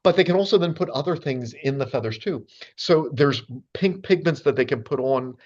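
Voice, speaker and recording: A man's voice: a little high, animated, normal speed, darkish tone, muffled recording. A man giving a casual, chatty lecture with slides to a group of birders, full of fillers and playful asides. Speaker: speaker giving a talk to birders.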